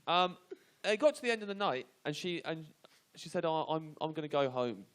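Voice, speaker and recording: A man comedian on a live radio panel, telling a self-deprecating comic anecdote in halting bursts with lots of restarts. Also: fairly high pitch, lively intonation, smooth.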